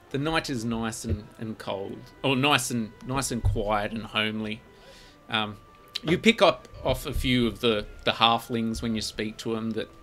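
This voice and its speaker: Bright-voiced man running a tabletop game. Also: medium pitch. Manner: descriptive, with many restarts and fillers. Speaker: game master.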